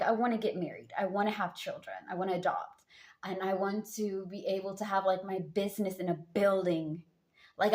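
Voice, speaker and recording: A woman talking casually to her viewers as a tarot reader, rambling and chatty with lots of fillers. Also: medium pitch. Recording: roomy echo.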